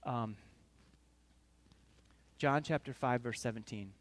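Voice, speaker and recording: A male preacher giving a sermon, telling the story in an animated way and acting out the scenes. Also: mid-range voice, takes it slowly.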